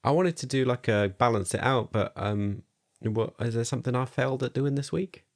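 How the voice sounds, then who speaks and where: A man's voice: mid-range voice, normal speed. A laid-back man co-hosting a parenting podcast in casual chat, rambling and laughing often. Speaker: podcast co-host.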